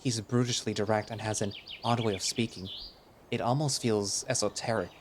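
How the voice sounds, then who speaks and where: A man narrating a first-person audio drama in a wry, expressive way. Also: on the low side, normal speed, slight background noise. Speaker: narrator and lead voice.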